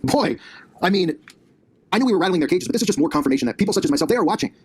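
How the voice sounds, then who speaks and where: Man, combative rant, sarcastic, husky voice, rapid-fire delivery, laptop recording in a basement. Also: high-pitched, expressive. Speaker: conspiracy commentary channel host. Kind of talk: ranting commentary monologue. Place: home basement.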